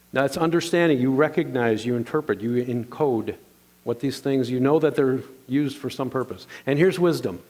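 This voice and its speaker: A man preaching a sermon as pastor, playful and animated, calling on the congregation to answer back. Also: mid-range voice, normal speed.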